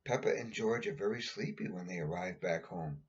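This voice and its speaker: Husky man reading a picture book aloud. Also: deep voice, normal speed. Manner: chatty, adds asides and pointing out pictures. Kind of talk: casual storybook read-aloud. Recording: dull lo-fi recording.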